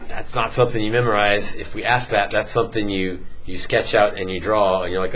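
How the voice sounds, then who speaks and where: A low-voiced middle-aged man teaching a math class, casual and patient, with easygoing jokes tossed to the students. The sound is dull and lo-fi, with a faint hiss behind him. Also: brisk, hardly any pauses. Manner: relaxed, joking asides to students. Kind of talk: classroom lecture.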